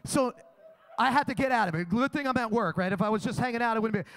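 High-pitched brash man doing crude stand-up. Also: racing, fairly bright tone. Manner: brash, crude, boastful storytelling. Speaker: stand-up comedian. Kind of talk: live stand-up comedy set. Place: comedy club.

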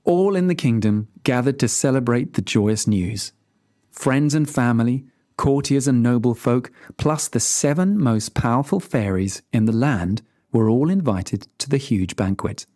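Animated storybook narrator. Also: medium pitch, unhurried, no room sound, clean studio sound. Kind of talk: storybook narration for English learners.

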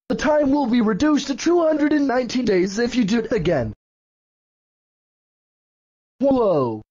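A man's voice: mellow, slightly rough, heavily acted. A man voicing a bossy purple dinosaur who scolds and threatens, in a fan-made cartoon with dull, lo-fi sound. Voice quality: very high-pitched. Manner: scolding, threatening, repeating rules. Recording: dull lo-fi audio.

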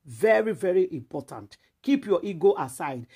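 A woman's voice: fairly low pitch, sing-song, moderate pace, dark tone, breathy edge. A Nigerian woman giving emphatic gossip commentary as a vlogger, lecturing her viewers in a preachy, repetitive way.

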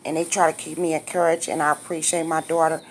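A woman's voice: sits low, flat delivery, quick pace, slight background noise. A woman in her fifties talking straight to her viewers in a casual vlog, blunt, candid, slangy and emotional. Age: 50s. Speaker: vlogger.

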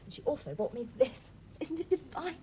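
A gushing, excitable schoolgirl. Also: high voice, brisk, a little hiss or hum. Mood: excited. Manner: breathless, gushing. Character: excitable, spoiled upper-class schoolgirl. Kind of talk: 1970s TV period drama acting.

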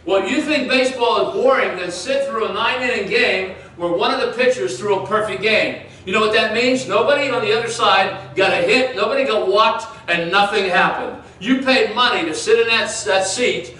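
Male pastor, high voice, conversational sermon, picked up far off in an echoey church. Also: moderate pace, hardly any pauses, bright, forceful tone. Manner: conversational preaching with audience questions. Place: church sanctuary.

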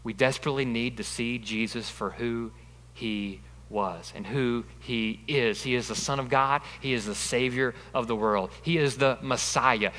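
A man preaching a sermon as pastor, emphatic and repetitive, building to loud peaks. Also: mid-range voice, moderate pace. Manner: emphatic, repeats phrases, rising to loud peaks. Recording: long reverb of a large hall.

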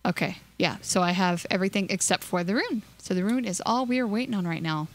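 A woman's voice: lively intonation, fast talker. Hyper, giggly woman gaming host. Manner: chatty and giggly, coos in a high voice at in-game creatures; hyper and scattered. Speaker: let's play host. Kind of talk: casual gameplay commentary.

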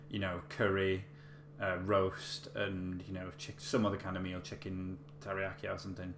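Rambling male vlogger, low voice, roomy echo, casual storytelling. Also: fairly bright tone. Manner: chatty, rambling with many fillers and restarts. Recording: echoey room with faint hum.

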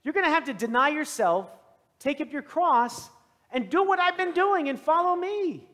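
A man acting out a calm, stern male spiritual teacher who speaks earnestly and emphatically. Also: extremely high pitch, brisk, in a large hall, pitched above the performer's own voice.

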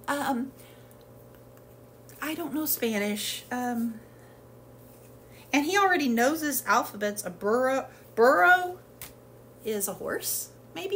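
A woman with a slightly high voice rambles cheerfully through a shopping haul at home, stopping often for fillers. Her talk is loose and unscripted. A faint room hum sits behind her. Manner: rambling and chatty with many fillers. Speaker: haul vlogger. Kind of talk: casual product haul chat.

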